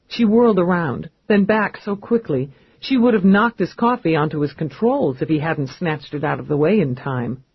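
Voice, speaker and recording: Guy reading an audiobook, husky, kinda high voice, dry muffled sound. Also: dry recording. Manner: steady, measured storytelling. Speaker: audiobook narrator. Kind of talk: scripted narration.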